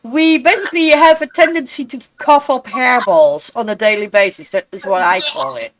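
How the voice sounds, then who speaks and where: Blunt high-voiced Dutch woman. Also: moderate pace, rough recording. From Netherlands. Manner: emphatic, lectures with blunt swearing. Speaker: streamer. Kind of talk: casual chat during a game stream.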